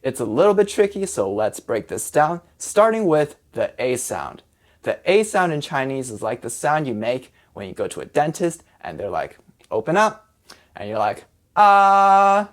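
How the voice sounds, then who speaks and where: A language teacher giving a casual, friendly pronunciation lesson, slowly sounding out syllables step by step. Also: medium pitch, big pitch swings. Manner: casual and friendly, with fillers like "kind of" and "like".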